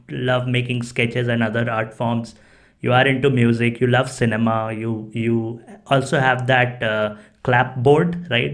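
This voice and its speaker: Man, podcast host, gushing and chatty. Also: mid-range voice. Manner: effusive, repeats "right?" and "cool". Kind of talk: casual interview.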